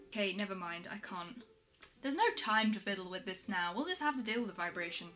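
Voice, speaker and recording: A woman vlogging a poetry challenge, chatting in a self-deprecating way and reading her poems aloud slowly and softly. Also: medium pitch, expressive, soft background music. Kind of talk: casual chat and poetry reading.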